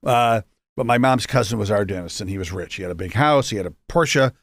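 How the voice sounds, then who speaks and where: A man in his fifties from Rochester, New York, a guest who runs his own business, tells his story casually with jokes and many digressions. He talks fairly fast in a lower voice, with no room sound.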